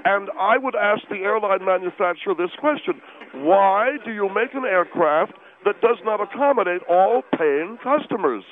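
A man's voice: high voice, lively intonation, moderate pace, voice pushed up. A man voicing a pompous, overweight male activist who talks formally and indignantly with his mouth full, heard over a tinny phone line. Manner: stiff, formal and indignant, chewing while talking.

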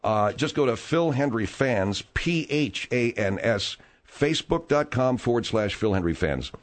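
A man's voice: medium pitch, a little slow. A man hosting a comedy talk radio show, reading news items and bantering with exasperated humor. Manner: animated, exasperated, jokey. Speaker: radio host.

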